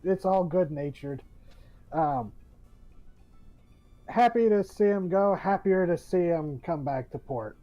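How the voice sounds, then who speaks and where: A man's voice: high-pitched, expressive, slow pace, long pauses, mellow, soft background music, pitched above the performer's own voice, rough recording. A man voicing a flamboyant half-elf bard, grandiose and ribbing his old friend. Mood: teasing.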